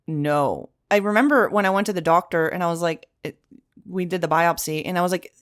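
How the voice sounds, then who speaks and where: A woman's voice: on the low side, fairly quick. A woman hosting a podcast in casual chat, speaking candidly and dropping Spanish fillers into her talk. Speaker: podcast host.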